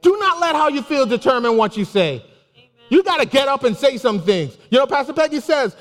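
A man giving a casual, animated sermon with personal stories, laughing and exclaiming often. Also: extremely high pitch, fairly quick. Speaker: preacher. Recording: long hall reverb.

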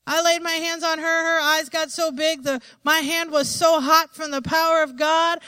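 A woman's voice: very high voice, flat delivery, normal speed, pushed and bright, dry recording. A woman preacher giving an emphatic sermon and often asking the congregation for an amen.

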